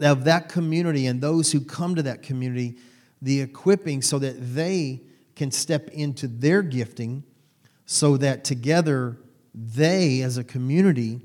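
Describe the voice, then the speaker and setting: A man's voice: medium pitch, darkish tone. A male pastor giving a sermon in a conversational, rambling way, with restarts and asides.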